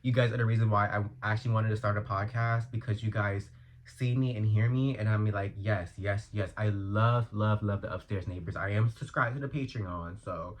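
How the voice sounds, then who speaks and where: A man from Los Angeles hosts a casual solo podcast, rambling in a chatty, slang-heavy way. He breaks into loud, exasperated outbursts when something annoys him, and he speaks into an earphone mic. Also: lowish voice. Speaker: podcast host.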